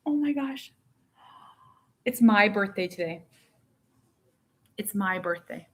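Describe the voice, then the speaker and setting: A woman's voice: mid-range voice, lively intonation, takes it slowly, a bit bright. Playful mother in her forties. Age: 40s. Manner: playful, teasing, sing-song with her child. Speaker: mother vlogging. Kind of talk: casual home vlog.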